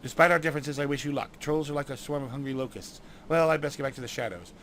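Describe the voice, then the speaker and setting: A man's voice: mid-range voice, fast talker, fairly bright tone, slight background noise, close to an everyday voice. A man voicing a sly halfling rogue who talks in a wry, dry way.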